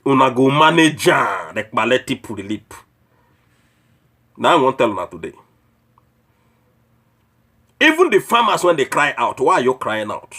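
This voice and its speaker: A man's voice: mid-range voice, sing-song, moderate pace, pauses often, bright, forceful tone. A man with a Nigerian Pidgin accent giving a preachy political rant that scolds his listeners with mocking rhetorical questions. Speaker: online commentator.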